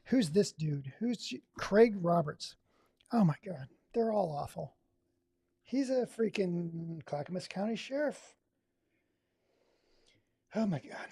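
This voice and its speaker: A man's voice: high-pitched, expressive, slow pace, pauses often, mellow, husky, no room sound, studio quality. A man from Oregon hosting a live stream, giving sarcastic, exasperated running commentary. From Oregon, USA. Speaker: livestream host.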